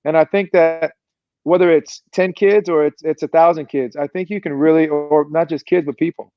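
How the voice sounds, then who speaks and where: A man with a higher-pitched voice talks like a fired-up coach, pushing hard on motivation and energy. His voice comes through a dull, lo-fi video call, and the sound is very dry with no room to it. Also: fairly even intonation, moderate pace, no room sound, soft background music. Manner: fired-up, motivational, preachy delivery. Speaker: performance coach, guest. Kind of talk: energetic podcast interview talk.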